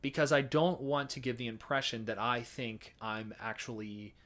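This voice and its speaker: An American man talks through a topic in a relaxed, explanatory way. He circles back, restarts phrases and leans on small fillers as he thinks aloud, with a medium-pitched voice. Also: normal speed. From United States. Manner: chatty explaining, frequent restarts and hedging fillers. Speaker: folk song presenter. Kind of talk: casual educational talk.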